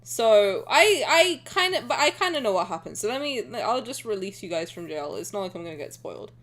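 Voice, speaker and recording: A woman streamer chatting casually and excitably with her viewers, rambling and swearing now and then. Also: medium pitch, fairly quick. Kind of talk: casual live-stream chat.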